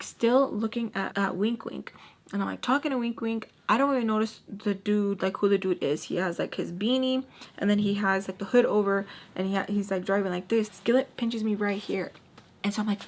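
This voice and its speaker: A young adult woman telling a story to camera in a slangy, animated way, full of fillers and quick asides. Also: mid-range voice. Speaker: storytime vlogger. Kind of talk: casual storytime chat.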